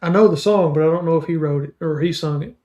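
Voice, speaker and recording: A man's voice: a little high, quick pace, mellow. A man co-hosting a casual chat, making brief, agreeable remarks. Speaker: co-host.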